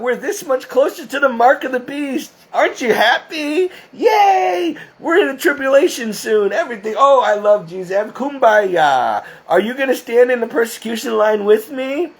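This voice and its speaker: A man's voice: very high voice, animated, moderate pace, hardly any pauses, voice pushed up. A man voicing a mock version of a giddy, sugary-cheerful male preacher in a sing-song, overly bubbly way.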